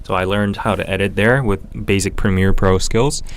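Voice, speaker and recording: A man's voice: deep voice, normal speed, smooth. Young korean guy w/ north american accent, casual livestream q&a host, chatty, lots of ums, clean voice. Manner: relaxed and chatty, with frequent fillers. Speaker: podcast host.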